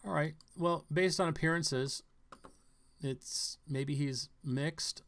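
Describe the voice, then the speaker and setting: A man giving a halting, speculative commentary on news stories, thinking aloud with many fillers and restarts. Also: fairly high pitch, a bit bright.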